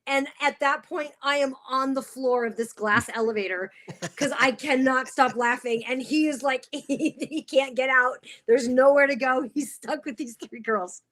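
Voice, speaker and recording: A middle-aged woman telling an animated, laughing story in a casual chat as a podcast guest. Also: high-pitched, normal speed.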